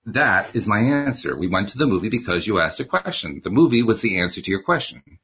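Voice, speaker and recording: A man voicing a calm, teasing male mystic teacher in a novel read aloud, speaking in patient, probing questions. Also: lowish voice, brisk, slightly rough, heavily acted.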